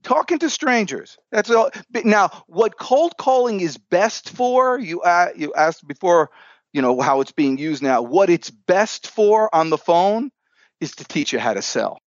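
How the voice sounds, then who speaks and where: An animated man, a sales coach, tells stories on a podcast with a lively, rather high voice that swoops up and down. He acts out his dialogue with energy while standing. The sound is dry and a little dull. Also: measured pace, dry recording. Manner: animated, upbeat storyteller who acts out dialogue. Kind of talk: storytelling in a podcast interview.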